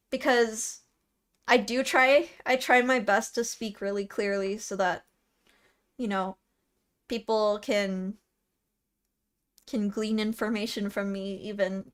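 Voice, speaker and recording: A woman's voice: medium pitch, steady tone, takes it slowly, pauses often, fairly bright tone. A young woman with a Californian accent chatting casually on a live stream, reading out and answering comments, often laughing and restarting her words. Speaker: VTuber streamer.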